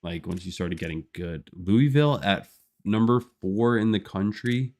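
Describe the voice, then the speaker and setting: A man's voice: lowish voice, normal speed, a little mellow. A young man chatting casually on a live gameplay stream, rambling with lots of fillers and frequent laughs. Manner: rambling, laid-back, many "like" fillers, laughs often. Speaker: gaming streamer.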